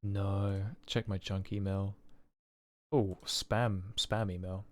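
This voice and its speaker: A man's voice: low-pitched, little pitch movement, takes it slowly, dry recording. A man in his twenties streaming a game, chatting casually and joking with his chat in a self-mocking way. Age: 20s. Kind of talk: casual live-stream chat while playing.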